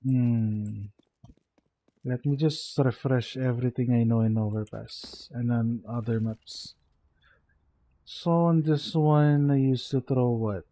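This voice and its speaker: Filipino man streaming a game, sleepy, slow-talking, soft mellow voice. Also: mid-range voice. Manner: mumbling to himself, code-switching into Tagalog. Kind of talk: casual gameplay commentary.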